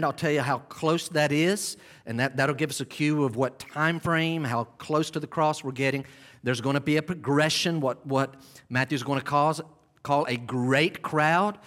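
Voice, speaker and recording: A man preaching an expository sermon, talking listeners through a scene, repeating and restarting phrases and drawing out key words, with sudden loud cries when he acts out the scene. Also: on the high side.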